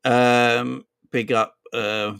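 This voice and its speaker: A man in his forties with a South London accent, hosting a casual football livestream, rambling and chatty, giving viewers shout-outs. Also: medium pitch, flat delivery, extremely slow, gravelly, clean tone, no echo, studio quality. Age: 40s. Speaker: football channel host.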